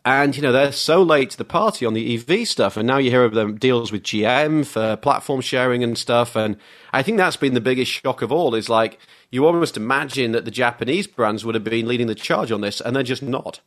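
A man talks cars in a loose, chatty podcast, piling one story onto the next with real enthusiasm. His voice sits at an everyday middle pitch. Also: a little fast. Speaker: guest, car journalist. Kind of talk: casual podcast chat.

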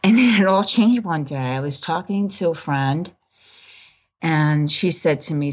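Speaking a little slowly in a low, animated voice, a woman in her fifties tells her story as a podcast guest. She's candid and casual, often laughing and performing other people's lines. Low-quality recording.

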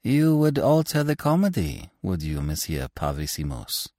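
Male narrator doing a sleek, sarcastic young actress, low voice, close dry sound. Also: animated, moderate pace, darkish tone, breathy edge, no room sound.

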